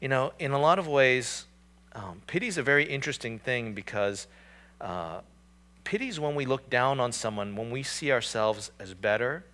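A man's voice: mid-range voice, lively intonation, normal speed, sharp tone. A man preaching a sermon in a conversational, emphatic way, often restarting his sentences. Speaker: pastor.

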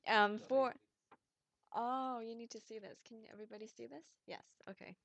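A woman's voice: a little high, steady tone, moderate pace, vocal fry, dull audio. A woman giving a church talk, a little flustered, with fillers and light laughter. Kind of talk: casual sermon talk.

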